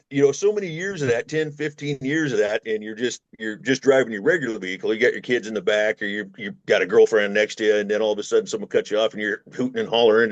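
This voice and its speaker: A man's voice: on the low side, quick pace, hardly any pauses, dry recording, dull audio. A man, a former long-haul truck driver, telling road stories in rambling casual chat and acting out the voices he quotes.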